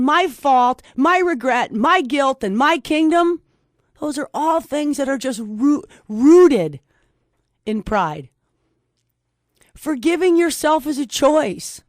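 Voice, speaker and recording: A woman's voice: sits high, no echo, clean studio sound. A middle-aged woman giving an emphatic, preacherly faith-based motivational talk, repeating key phrases. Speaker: host and speaker.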